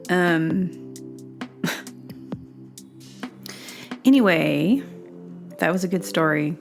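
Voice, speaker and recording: A woman's voice: on the low side, slow pace, long pauses, soft background music. Chatty woman host telling a story. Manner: chatty, rambling, many fillers and restarts; acts out quoted dialogue with bursts of excited laughter. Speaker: podcast host. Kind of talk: casual storytelling monologue.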